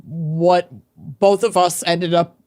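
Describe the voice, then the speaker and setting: A woman co-hosts a podcast in casual, playful chat. Her voice sits a little low and she talks slowly, drawing out words for effect. The sound is dry and close, with faint music underneath. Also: steady tone, dark tone, dry recording. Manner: chatty, playful, drawn-out emphasis. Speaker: podcast co-host.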